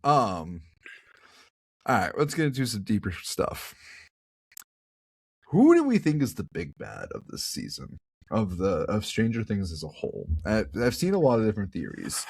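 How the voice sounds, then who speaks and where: A man's voice: on the low side, normal speed, creaky, pauses often, breathy edge, dry recording, studio quality. A man co-hosting a podcast, musing through theories in a hedging, casual way. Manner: lively, musing, hedging speculation. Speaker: podcast co-host. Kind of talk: casual chat.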